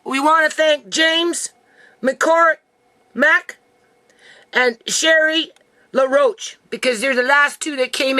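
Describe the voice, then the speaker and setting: A woman's voice: a little high, sharp tone, dry recording, low-quality recording. A grieving mother talking to camera in an emotional vlog, near tears, who keeps asking "okay?" and calling out to "people".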